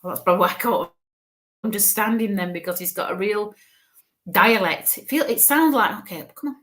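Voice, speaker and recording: A little fast and a bit bright, a mid-range-voiced spirit medium gives viewers a live reading. She thinks aloud as she shares what she senses, sounding chatty and reassuring and sprinkling in "okay" and "bless you" constantly.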